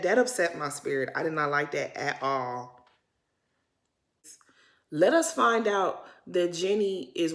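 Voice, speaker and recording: A woman's voice: on the low side, a bit bright. A woman giving a casual, opinionated recap of a reality TV episode, talking in chatty slang and laughing often. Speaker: recap host.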